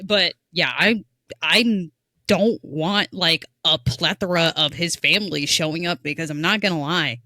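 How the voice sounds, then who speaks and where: A woman's voice: on the low side, a little slow, sharp tone, no echo, clean studio sound. A woman co-hosting a podcast, telling stories in loose, casual chat and laughing often. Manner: chatty, laughing storyteller.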